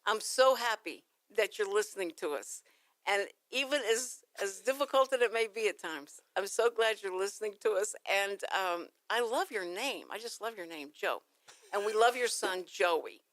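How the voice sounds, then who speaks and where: A woman's voice: medium pitch, normal speed, a bit bright, no room sound. A middle-aged woman hosting a talk radio show, bubbly and rambling, laughing often.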